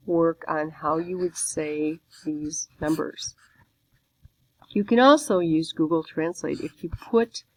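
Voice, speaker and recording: A woman's voice: lowish voice, gravelly, darkish tone, poor audio. A woman teaching a beginner Chinese lesson, walking through a textbook page by page in a patient, explanatory way.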